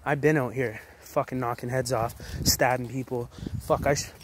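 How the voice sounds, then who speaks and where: A man's voice: medium pitch, steady tone, normal speed, background noise. A man in his late twenties giving a blunt, heavily profane motivational rant straight to the camera, full of restarts and repetitions. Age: 20s. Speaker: vlogger.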